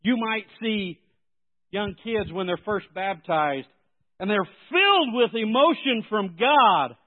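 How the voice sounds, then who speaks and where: A man preaching a sermon in an animated way, swinging between soft and loud. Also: high voice, slow pace. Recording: tinny phone-like sound.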